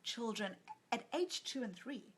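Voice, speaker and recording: A woman psychologist and author in a conversational interview, telling stories in an animated way and acting out what people said. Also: on the high side, a little slow, husky. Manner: animated storyteller who acts out quoted lines.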